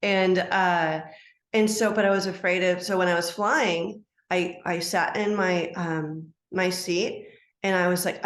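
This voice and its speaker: A middle-aged woman, a life coach, telling a personal story as a podcast guest, animated and acting out quoted dialogue. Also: on the low side, unhurried. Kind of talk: storytelling interview answer. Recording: roomy echo.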